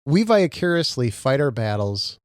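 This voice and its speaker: A man's voice: medium pitch, big pitch swings, normal speed, no echo, clean studio sound. A man from Minnesota co-hosting a casual podcast, rambling and boasting as he tells stories. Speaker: podcast co-host.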